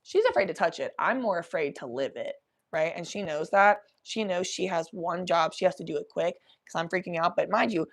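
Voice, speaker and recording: A young adult woman hosting a podcast, telling a story in an animated, profane, laughing way. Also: mid-range voice. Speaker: podcast host. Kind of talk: casual storytelling.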